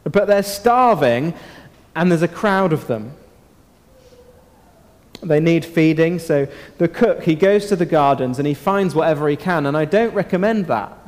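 A man leading an interactive Bible talk for children, asking them questions and using dramatic pauses. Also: a little high, animated, a little mellow. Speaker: children's talk leader at church. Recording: long hall reverb.

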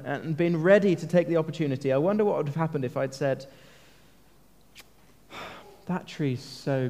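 A man's voice: a little high, a little mellow. A man preaching a sermon in a church, earnest and conversational, often asking his listeners questions. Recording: long reverb of a large hall.

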